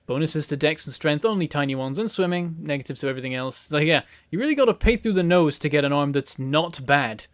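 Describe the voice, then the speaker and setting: A man's voice: on the high side, expressive, quick pace, hardly any pauses, no echo. A man hosting a let's play, giving rambling, self-mocking gameplay commentary and chuckling often.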